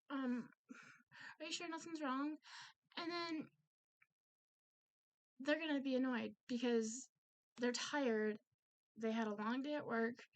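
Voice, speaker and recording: A woman's voice: fairly high pitch, a little mellow. A woman talking candidly in a personal vlog, earnest and confiding, often trailing off with fillers. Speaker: vlogger. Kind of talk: personal vlog, candid talk about mental health.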